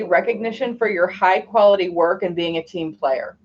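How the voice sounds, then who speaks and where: A woman hosting a card reading channel, talking casually and gently to her viewers. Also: medium pitch, moderate pace, hardly any pauses, muffled recording, faint music behind. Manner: gentle and chatty, cooing at her puppies. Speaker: tarot reader and channel host.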